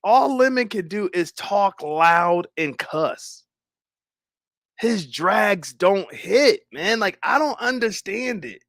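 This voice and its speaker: A young man talks to his stream chat in a loose, swearing way. His voice sits high and jumps all over the place. The sound is dry and close. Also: slow pace, no echo. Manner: animated, swearing, laughing, talking to chat. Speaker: livestream host.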